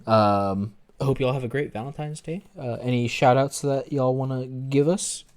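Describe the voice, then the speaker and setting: A man running a tabletop game as game master, narrating in a relaxed, loose manner. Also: mid-range voice, moderate pace.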